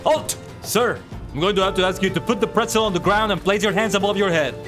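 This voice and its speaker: A man's voice: high-pitched, fast, over music, pitched above the performer's own voice, lightly acted. A man voicing a nervous, overly formal male sentry who barks commands and then apologizes, while reading game dialogue aloud. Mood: stern. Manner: stiff, barking commands.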